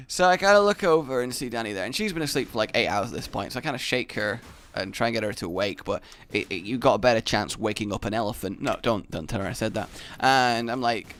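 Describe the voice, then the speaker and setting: A man's voice: mid-range voice, sing-song, a little fast, fairly bright tone. A young man commentating on a game while telling a funny personal story, acting out his own sleepy voice and laughing often. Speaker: gaming commentator. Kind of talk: casual anecdote over gameplay.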